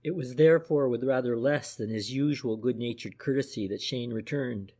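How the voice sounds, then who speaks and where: A man reading a classic detective novel aloud in a measured, unhurried way. His voice sits at an everyday middle pitch. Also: mellow. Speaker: audiobook narrator. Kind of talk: scripted narration.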